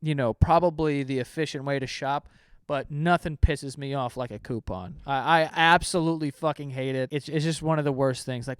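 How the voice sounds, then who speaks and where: A young man doing casual reaction commentary, swearing freely and swinging into sudden loud outbursts. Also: a little high, normal speed, clean tone, no echo, clean studio sound. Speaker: comedy YouTuber reacting to stories.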